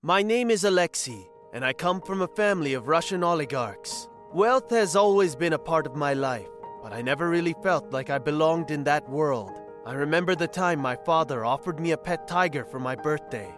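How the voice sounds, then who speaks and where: A man narrating a scripted first-person story in an even, measured way. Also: on the high side, soft background music.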